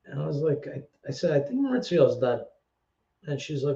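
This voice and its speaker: A man's voice: fairly high pitch, sing-song, mellow, dull audio. Blunt, swearing New man, roomy sound. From New York. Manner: blunt, heavy swearing, halting repetitions. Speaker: interview guest. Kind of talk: candid storytelling.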